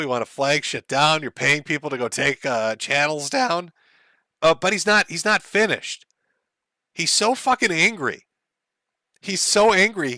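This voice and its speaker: Sarcastic male commentator, bright dry voice. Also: fairly high pitch, dry recording. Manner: sarcastic, laughing, mocking. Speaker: commentary host. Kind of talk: mocking commentary on clips.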